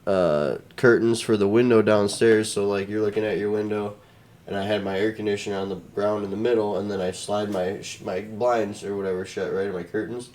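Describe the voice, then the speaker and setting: Young male podcast co-host, lowish voice, halting casual storytelling. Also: steady tone, darkish tone. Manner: halting, searching for words.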